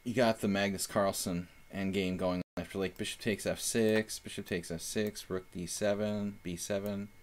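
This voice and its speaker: Young man, lowish voice, casual stream talk, thinking aloud. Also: fairly even intonation, normal speed, few pauses. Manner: chatty, thinks aloud with fillers. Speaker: chess streamer and commentator. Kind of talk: casual live-stream commentary.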